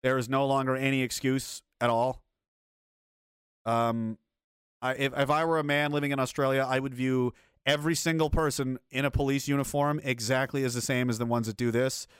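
A man's voice: mid-range voice, little pitch movement, normal speed, clean tone, no echo, studio quality. A man hosting a video commentary, ranting in an angry, blunt and profane way. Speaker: commentary host.

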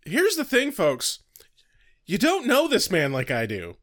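A man's voice: sits high, wildly swooping pitch, measured pace, a bit bright. A man co-hosting a comedy podcast, chatting casually and laughing often as he talks. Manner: laughs often while talking. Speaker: podcast co-host.

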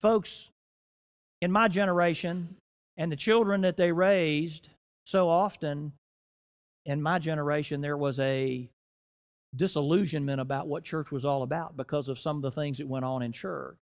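A middle-aged man preaching a sermon in a church, rising and dropping in loudness and slowing down to stress key phrases. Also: fairly high pitch, steady tone. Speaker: guest preacher.

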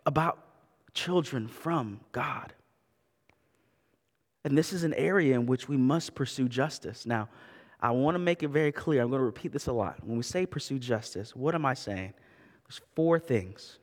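A man's voice: fairly high pitch, big-room sound. A man in his thirties preaching a sermon as a pastor, in a conversational way with asides and repeated words. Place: church sanctuary.

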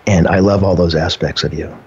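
Man, husky and lowish, earnest storyteller, dull lo-fi sound. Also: steady tone, darkish tone. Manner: earnest, measured storyteller with fillers. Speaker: partner in a couple being interviewed. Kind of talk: casual conversation.

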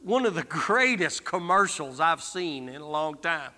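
A man's voice: a little high, expressive, measured pace, bright, forceful tone, big-room sound. A man preaching a sermon as a guest preacher, exhorting and calling out to the congregation. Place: church sanctuary.

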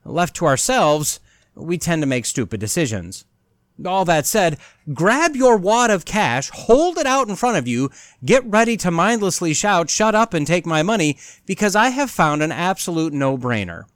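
A man hosting a podcast, delivering a scripted comedic monologue with theatrical, sarcastic flair and dramatic pauses. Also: sits high, big pitch swings, fairly bright tone, no echo, studio quality. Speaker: podcast host.

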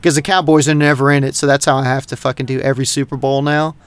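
A man's voice: medium pitch, fast, smooth. A middle-aged man from North Texas, a podcast co-host rambling in casual, profane chat. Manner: rambling, heavy swearing, animated.

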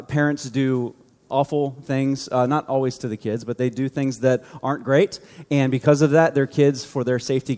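A youth pastor preaches a sermon to a youth group, conversational and joking as he tells a story. His voice is medium-pitched with a darkish tone, carried by long hall reverb.

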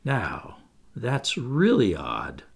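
A man's voice: fairly high pitch, sing-song, creaky, heavily acted. A man reading as a guarded young clergyman. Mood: measured. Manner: measured, guarded.

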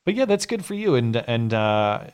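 A young man with a hoarse, fading voice, co-hosting a live call-in podcast and rambling casually through restarts. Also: mid-range voice, very animated, moderate pace, a little mellow. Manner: rambling, self-deprecating, many restarts. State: hoarse, losing his voice. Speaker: podcast co-host.

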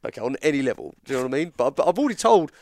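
Talking very fast at medium pitch, an English guest storyteller rattles through a long story in casual chat. He animatedly acts out the quoted lines of the people in it, recorded at studio quality with no echo.

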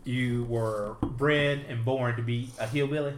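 A man taking part in a casual podcast conversation, often laughing and cutting in with questions. His voice has an ordinary middle pitch and sounds roomy and echoey. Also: steady tone, measured pace, a little hiss or hum. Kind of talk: casual discussion.

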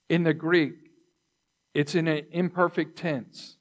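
Pastor, male, measured sermon delivery; unhurried pace, voice on the higher side. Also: level tone. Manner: slow, deliberate teaching with repeated phrases; throat clearing between points.

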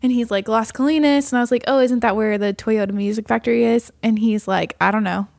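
A woman's voice: fairly high pitch, fast talker, vocal fry, no room sound, clean studio sound. A young woman co-hosting a podcast, telling dating stories in casual chat and acting out both sides of the dialogue. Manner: animated, acts out dialogue with lots of "like". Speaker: podcast co-host.

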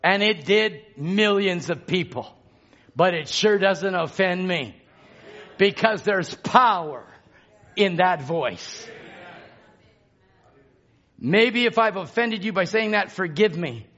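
A man preaching a sermon, repeating phrases and swinging from hushed tones to shouts. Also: sits high, lively intonation, takes it slowly, pauses often, highs cut off.

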